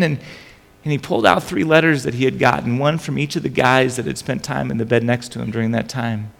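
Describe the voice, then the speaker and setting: Middle-aged male pastor, gravelly voice, animated sermon storytelling, reverberant hall. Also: medium pitch, a little fast. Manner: animated storytelling with frequent restarts.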